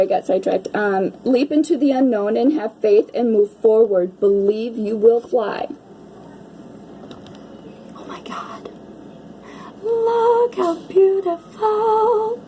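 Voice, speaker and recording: Chatty female card reader, mellow tone, gushes and swears casually, faint background hiss. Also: medium pitch, rough recording. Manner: gushing, chatty, peppered with "right?" and mild swearing. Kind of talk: casual card-reading chat to viewers.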